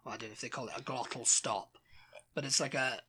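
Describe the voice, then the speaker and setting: A woman's voice: rumbling low, fairly even intonation, pushed and bright, slightly rough. A British woman co-hosting a podcast, playful in casual chat. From Britain. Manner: playful, does quick voice bits. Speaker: podcast co-host.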